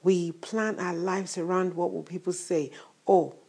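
A woman's voice: fairly low pitch, little pitch movement, measured pace, vocal fry, a little mellow, breathy edge. A woman preaching a morning sermon in a conversational way, full of rhetorical questions. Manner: conversational, asks rhetorical questions, laughs at times.

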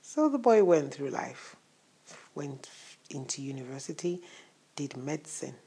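A woman's voice: very deep voice, big pitch swings, measured pace, creaky, mellow, slight background noise. A woman preaching a morning sermon in a conversational way, full of rhetorical questions. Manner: conversational, asks rhetorical questions, laughs at times.

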